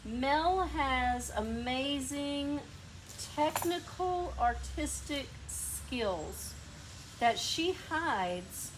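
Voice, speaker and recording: With drawn-out words and an expressive, high voice, a woman hosts a hands-on painting demo in a workshop. She has a lazy Southern drawl and chats while coaching a helper, with background noise behind her.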